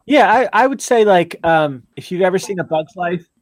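A man's voice: high-pitched, lively intonation, moderate pace, dry recording. A man chatting hesitantly as a player in a tabletop game. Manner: hesitant, many restarts. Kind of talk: casual tabletop game chat.

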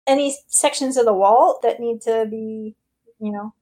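A woman playing a tabletop game in a relaxed, joking way. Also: on the high side, normal speed. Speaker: player. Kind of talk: casual tabletop play.

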